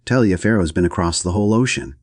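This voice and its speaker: A man's voice: low voice, fast, a little mellow, no echo, studio quality. A man reading an audiobook, voicing an easygoing, plain-spoken man.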